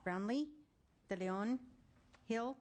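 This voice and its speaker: A woman calls the roll at a committee hearing. She reads each name slowly and deliberately. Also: on the high side, a little mellow. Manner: slow, deliberate name-calling. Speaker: committee secretary calling the roll. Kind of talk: roll call.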